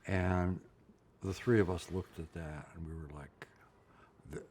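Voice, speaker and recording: Deep, husky older man recounting his past. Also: fairly even intonation, a little slow, a little mellow. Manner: emotional, blunt, often asks "right?". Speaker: interviewee. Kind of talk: candid personal storytelling.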